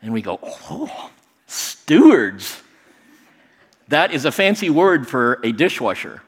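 Male storyteller, lively, voices the quotes himself, long hall reverb. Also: medium pitch, fairly quick, husky. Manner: animated, acts out quoted voices. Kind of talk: personal storytelling to an audience.

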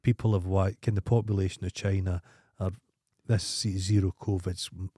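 A man's voice: low voice, level tone, moderate pace, warm tone, breathy edge, no echo, clean studio sound. A Scottish man co-hosting a podcast, telling rambling, profane anecdotes in casual chat. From Scotland. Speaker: podcast co-host.

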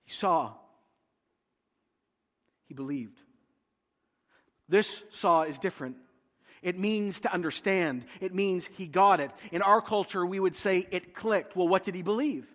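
A man's voice: high voice, measured pace, long pauses, a bit bright, in a large hall. A man preaching a sermon, retelling a scripture story dramatically and acting out the voices of its figures. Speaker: pastor.

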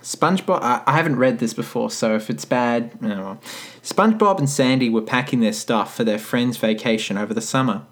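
A man casually reading a story aloud, breaking off for wry, deadpan comments. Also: medium pitch, brisk, few pauses. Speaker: podcast co-host reading fan fiction.

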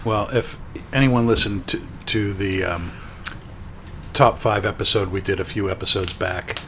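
A man's voice: fairly low pitch, steady tone, measured pace, fairly bright tone, slight background noise. A man hosting a casual chat show, rambling with many fillers and restarts. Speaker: podcast host.

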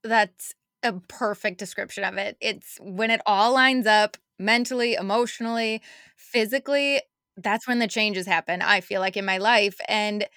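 Bright-voiced woman chatting reflectively. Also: mid-range voice, no room sound, clean studio sound. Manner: chatty, reflective, quotes herself in asides. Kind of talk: casual podcast chat.

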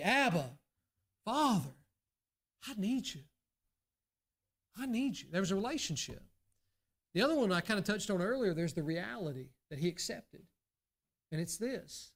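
Southern US male pastor, high voice, earnest sermon delivery that swings from hushed asides to raised emphasis. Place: church sanctuary.

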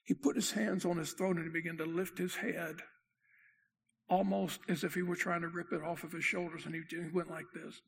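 A pastor giving a sermon with a gravelly, rough-edged voice that sits high for a man. He tells his story dramatically, rising loud, then dropping to a near hush. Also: flat delivery, a little fast.

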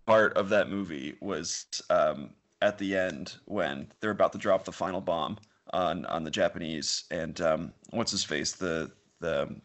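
A man's voice: low voice, measured pace, few pauses, a bit bright. Joking man who laughs a lot. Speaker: podcast co-host. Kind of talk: casual chat.

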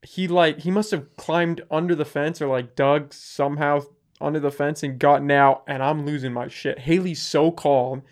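A man's voice: a little high, moderate pace. A young man hosting a podcast, telling a story animatedly and acting out what people said. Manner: animated storyteller, acts out quotes. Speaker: podcast host. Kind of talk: casual storytelling.

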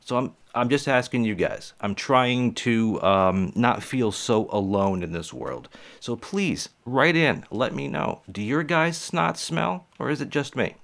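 A man's voice: mid-range voice, lively intonation, a little slow, creaky, few pauses, a bit bright. A man who does stand-up comedy, talking casually and rambling to his viewers, with lots of swearing. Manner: rambling, profane, chatty.

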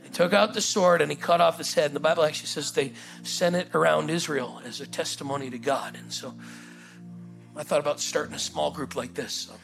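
A man preaches in a church auditorium, his voice sitting a bit high. He drives the story with energy, acting out the scenes in voices. Music plays clearly behind him. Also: fairly quick. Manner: animated, acts out the story in voices, calls "come on". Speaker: pastor. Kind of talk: sermon.

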